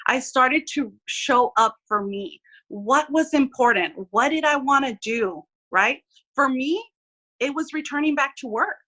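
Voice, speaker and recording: A woman's voice: high voice, a little slow, sharp tone, muffled recording. A woman in her forties, a guest speaking candidly and earnestly in an interview, often checking in with "right?".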